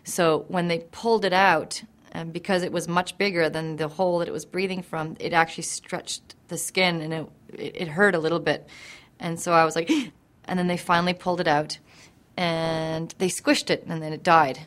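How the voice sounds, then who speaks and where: A young woman telling a personal story straight to the camera, in a vivid and animated way. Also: fairly low pitch, moderate pace. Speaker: interviewee.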